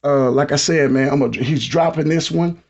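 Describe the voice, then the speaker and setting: A man's voice: fairly high pitch, moderate pace, muffled recording. Hyped-up man hosting a podcast. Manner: hyped, repetitive shout-outs to the audience. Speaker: podcast host. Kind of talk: casual podcast talk.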